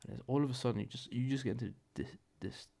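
A man's voice: mid-range voice, fast talker, gravelly, warm tone, slightly rough. A young man hosting a podcast, telling a story in a rambling, profane, self-correcting way. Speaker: podcast host. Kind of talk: casual solo podcast storytelling.

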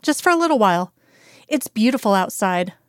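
A woman voicing a chatty, insistent Southern woman, higher and brighter than her narration, in an audiobook reading. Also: very animated, fairly quick, smooth, dry recording, studio quality, lightly acted. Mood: cheery, coaxing. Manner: bubbly, insistent, higher-pitched.

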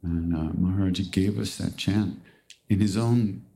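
Low-voiced man telling a spiritual story. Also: steady tone, measured pace, creaky, warm tone, a little hiss or hum. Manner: conversational, earnest, restarts often. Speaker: spiritual teacher.

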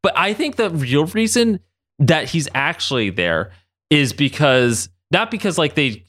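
A man's voice: fairly high pitch, very animated, unhurried, fairly bright tone, no echo. A man co-hosting a podcast, casually recapping a cartoon episode, laughing and acting out the characters' lines. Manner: swearing, hesitant restarts. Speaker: podcast co-host.

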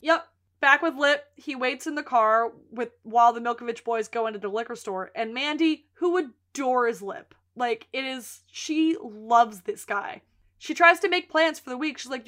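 A woman co-hosts a casual podcast, recapping a series. Her voice sits a touch high and rings bright and sharp. She acts out each character's lines with lively storytelling. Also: normal speed. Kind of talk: casual chat.

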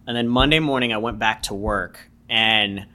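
A man's voice: on the low side, normal speed, sharp tone. A man guest casually telling a personal story, rambling with lots of "like" and "you know". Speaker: podcast guest.

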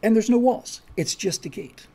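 A man's voice: high-pitched, lively intonation, normal speed, warm tone, slightly rough. A man who writes his own story project, chatting casually and enthusiastically to viewers with many restarts.

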